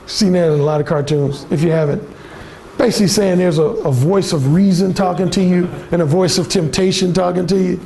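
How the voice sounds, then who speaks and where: A man's voice: high-pitched, fairly quick, dark tone, a little hiss or hum. A man giving a workshop presentation in a blunt, emphatic way. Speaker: workshop speaker. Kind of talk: seminar presentation. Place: conference room.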